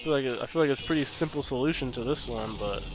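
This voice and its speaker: A man's voice: medium pitch, racing, music in the background. A man streaming a game live, chatting in a sarcastic, ranting way. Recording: background noise.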